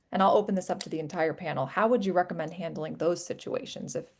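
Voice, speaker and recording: Woman moderator, lowish voice, affirming and encouraging host of panel. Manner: affirming, encouraging, reads audience questions. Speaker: webinar moderator.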